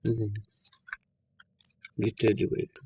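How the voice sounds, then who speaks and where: In a dull lo-fi game capture, a man with a lowish, husky, mellow voice talks through his gameplay slowly and with completely flat delivery. His casual remarks are full of swearing and loose, non-native phrasing.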